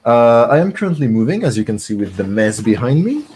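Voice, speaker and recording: A man's voice: mid-range voice, sing-song, a little fast, a little mellow, a little hiss or hum, low-quality recording. A man chatting casually about football as a guest on a call-in podcast, rambling with many fillers and restarts. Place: home room mid-move.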